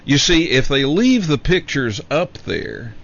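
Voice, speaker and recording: A man hosting a show, giving an emphatic solo commentary and slowly repeating his key lines for effect. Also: on the high side, sing-song, vocal fry, fairly bright tone. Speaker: show host. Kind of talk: monologue commentary. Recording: dull lo-fi audio.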